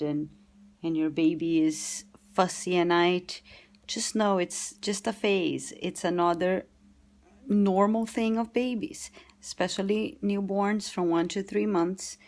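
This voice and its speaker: A woman talking casually about caring for her baby while holding and rocking her at home, gentle and unhurried with frequent pauses. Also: fairly low pitch. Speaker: vlogger and new mother. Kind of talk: casual parenting advice vlog.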